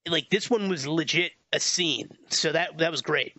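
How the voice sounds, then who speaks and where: A man's voice: on the high side, normal speed, bright, forceful tone, dry recording, highs cut off. A man co-hosting a podcast, chatting casually about a film, rambling a bit and laughing often. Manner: rambling, stumbles over names, laughs often. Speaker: podcast co-host. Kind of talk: casual movie review chat.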